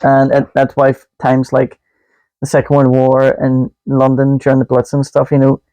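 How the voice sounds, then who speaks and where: A man's voice: mid-range voice, monotone, normal speed, dark tone, smooth, dry recording, rough recording. A man co-hosting a podcast, joking in a casual chat, laughing often and going off on rambling asides. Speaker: podcast co-host.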